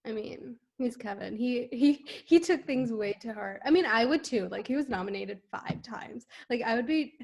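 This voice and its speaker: A woman's voice: on the high side, moderate pace, creaky, hardly any pauses, darkish tone. A young woman chatting casually as a podcast guest on a remote call, talking loosely with many fillers. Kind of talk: casual chat.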